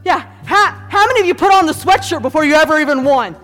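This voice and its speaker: A high-pitched woman preaches with lively energy, calling on the congregation to repeat phrases and laughing often between points. Her voice rings through a long hall reverb, with faint music underneath. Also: quick pace. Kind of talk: sermon.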